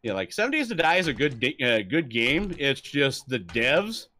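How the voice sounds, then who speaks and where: Animated, swearing young man streaming. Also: medium pitch, moderate pace. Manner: swears freely, animated storytelling, laughs often. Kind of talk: casual live-stream chat.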